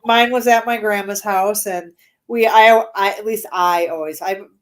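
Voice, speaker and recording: A woman's voice: mid-range voice, steady tone, a little slow. A woman in her forties, a guest on an interview show, talking casually with lots of fillers and frequent laughs. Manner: chatty, laughs often, many fillers.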